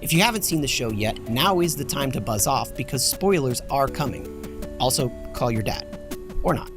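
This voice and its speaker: A man's voice: medium pitch, expressive, normal speed, music in the background. Wry man narrating a video essay. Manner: wry, joking asides. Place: home basement in front of green screen.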